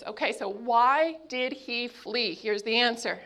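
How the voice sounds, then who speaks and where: A woman preaching a sermon, with dramatic pauses as she retells a scripture story. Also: fairly high pitch, bright, forceful tone.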